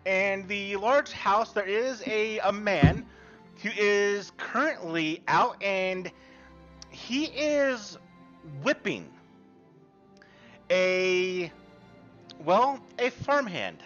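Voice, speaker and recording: A man narrates a tabletop game as game master. His voice is high and bright and moves around a lot, and he describes scenes slowly with pauses. The recording is lo-fi, with faint music underneath. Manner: relaxed, halting description with fillers.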